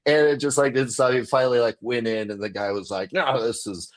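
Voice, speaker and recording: An American man telling a story in casual chat, animated, acting out the voices he quotes and laughing often. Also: mid-range voice, quick pace. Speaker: comedian guest.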